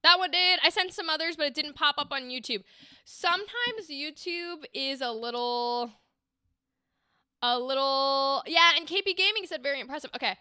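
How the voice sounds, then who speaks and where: A woman's voice: sits high, lively intonation, normal speed, pushed and bright, no echo, clean studio sound. A woman hosting a livestream, chatty and enthusiastic, giving voice acting feedback and acting out example lines. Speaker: livestream host and voice acting coach.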